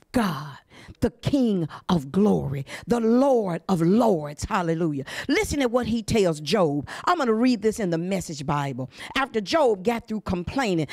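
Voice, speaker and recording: A woman pastor preaching a fervent sermon, breaking into shouted hallelujahs and cries. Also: mid-range voice, dry recording, clean studio sound. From Southern United States. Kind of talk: impassioned sermon.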